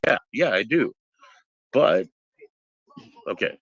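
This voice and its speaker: A slightly high, sharp-toned voice belongs to a podcast host in his forties who chats casually at a moderate pace, swearing freely and wandering through tangents. The lo-fi recording is dull and dry, with no echo.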